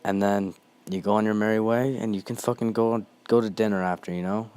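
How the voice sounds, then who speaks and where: A man's voice: fairly low pitch, steady tone, a little fast, darkish tone, clean tone. A young man hosting a ranting monologue, heated and blunt, swearing constantly.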